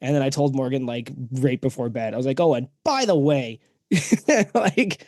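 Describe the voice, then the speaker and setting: A man's voice: medium pitch, lively intonation, normal speed, a little mellow, dry recording, clean studio sound. A man co-hosting a podcast, telling a story in a heated, exasperated way. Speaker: podcast co-host. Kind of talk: casual chat.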